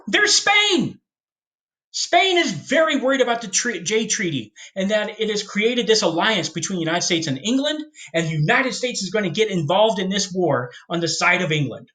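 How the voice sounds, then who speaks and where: Male history teacher, animated storyteller with a lively, rising and falling voice, playful asides. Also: high voice. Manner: jokey storyteller, acts out historical figures in quick voices. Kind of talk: casual history lecture.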